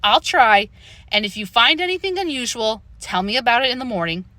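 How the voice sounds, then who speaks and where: A woman's voice: on the high side, big pitch swings, fairly quick, bright, forceful tone, no room sound. A woman reading the part of a sleepy, patient father woken in the night for an audiobook. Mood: weary. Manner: weary, patient.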